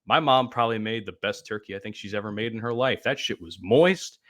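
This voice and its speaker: A man's voice: lowish voice, a little fast, a bit bright. A man co-hosting a podcast, talking casually and emphatically about a holiday meal, swearing freely. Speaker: podcast co-host. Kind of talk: casual chat.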